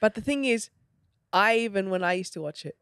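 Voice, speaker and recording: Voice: medium pitch, a little fast, smooth, no echo, clean studio sound. A podcast host reflecting on a film in casual talk, acting out quotes and often checking in with "you know?". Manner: animated, acts out quotes, asks "you know?".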